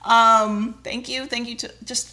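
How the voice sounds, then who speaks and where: A woman's voice: on the high side, level tone, unhurried, sharp tone. A woman, co-hosting a podcast in casual, candid chat and swearing freely. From rural southern United States. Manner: chatty and candid, swearing and laughing easily. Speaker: podcast co-host.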